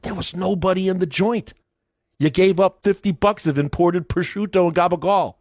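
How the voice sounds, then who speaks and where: A man's voice: sits high, normal speed, a little mellow, dry recording, studio quality. A man hosting a morning radio show, telling a long rambling story in casual banter with his co-hosts. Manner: rambling storyteller with lots of restarts. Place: radio studio. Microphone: studio mic.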